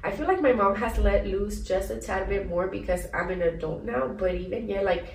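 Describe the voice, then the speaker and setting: A woman's voice: mid-range voice, moderate pace, creaky, far from the mic. A young woman talks animatedly on a casual podcast, laughing often and swearing freely. She sits a little back from the mic, so her voice has a roomy ring with faint hiss behind it. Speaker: podcast co-host. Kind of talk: casual chat.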